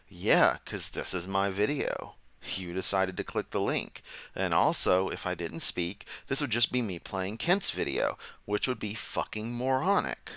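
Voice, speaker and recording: A man's voice: low-pitched, big pitch swings, measured pace, hardly any pauses, a bit bright, no echo. A man hosting a comedic reaction commentary, sarcastic, mocking and profane. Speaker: commentary channel host.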